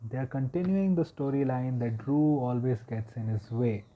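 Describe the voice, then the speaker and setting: A man giving a casual, rambling review monologue, full of fillers and animated retellings. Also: mid-range voice, moderate pace, phone-quality sound. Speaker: wrestling reviewer.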